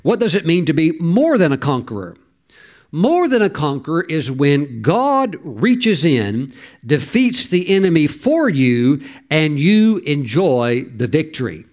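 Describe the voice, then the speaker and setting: A man's voice: on the high side, sing-song, a little slow, darkish tone. Man preaching with exclamations. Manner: storytelling, exclamatory, calls for amen. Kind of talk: sermon.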